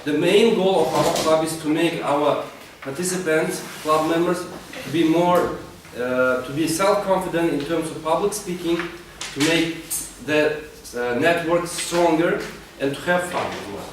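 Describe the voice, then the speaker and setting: A man's voice: on the high side, measured pace. Man chairing a meeting in an echoey room. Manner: hesitant, with frequent fillers and restarts. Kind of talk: informal club introduction. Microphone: distant room mic. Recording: very echoey room recorded from far off, with noise.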